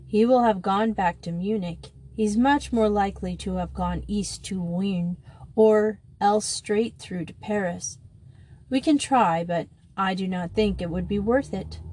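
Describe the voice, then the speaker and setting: A woman voicing a courteous, formal Austrian gentleman in a story reading. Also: mid-range voice, measured pace, a little hiss or hum, natural voice. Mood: calm.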